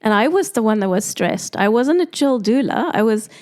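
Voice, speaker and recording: A woman with a South African accent, a doula telling her story in a podcast interview, animated and quoting people in lively voices. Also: a little high, normal speed. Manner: animated, acts out quoted voices.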